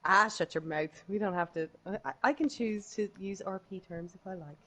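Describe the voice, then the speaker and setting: A woman's voice: medium pitch, a little fast, fairly bright tone. A woman with an Irish accent, chatting casually on a podcast in a teasing, playful way. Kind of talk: casual chat.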